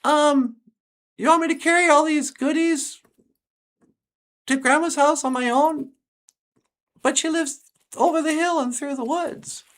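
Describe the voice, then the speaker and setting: A woman voicing a wary young girl in a red hood in a storybook tale, asking quick questions. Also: high voice, fairly even intonation. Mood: doubtful.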